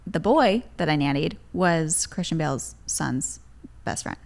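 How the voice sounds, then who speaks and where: A woman's voice: low-pitched, lively intonation, measured pace, creaky. A woman from Michigan, a guest on a comedy podcast, telling stories in a chatty, giggly way full of fillers. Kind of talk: casual comedic chat.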